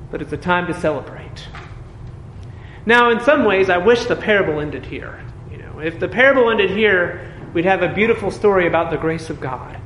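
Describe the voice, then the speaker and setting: A man's voice: sits high, a bit bright, a little hiss or hum. A man preaching a sermon in an earnest, emphatic way, often asking the congregation questions. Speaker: pastor. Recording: echoey hall with faint ambience.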